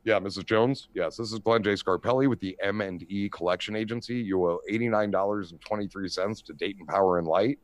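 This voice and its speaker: A man putting on the slightly deeper, formal voice of a debt collector on a phone call. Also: no echo, lightly acted. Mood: official. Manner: deliberately deeper, formal and official. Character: teenage boy posing as stern debt collector.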